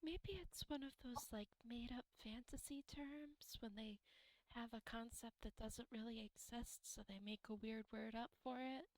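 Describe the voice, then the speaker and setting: A woman's voice: on the high side, measured pace, no room sound. A woman playing a tabletop game, exclaiming and explaining things matter-of-factly. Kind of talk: casual actual-play banter.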